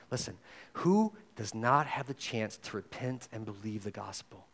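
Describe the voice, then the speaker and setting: A man preaching a sermon as pastor, talking straight to his listeners and swinging between loud and hushed. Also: on the low side, animated, normal speed. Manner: conversational, addresses listeners directly.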